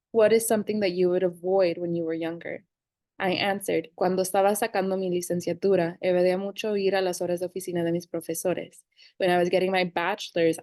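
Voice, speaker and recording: A young woman in her twenties teaching a casual grammar lesson, reading verb forms slowly and clearly. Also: on the low side, darkish tone, no room sound. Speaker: Spanish teacher.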